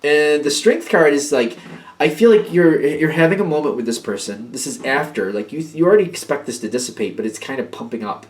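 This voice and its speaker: A man's voice: a little high, expressive, fairly quick. A man giving a casual tarot reading to camera, talking in a hesitant way, often repeating words and using fillers. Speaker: tarot reader.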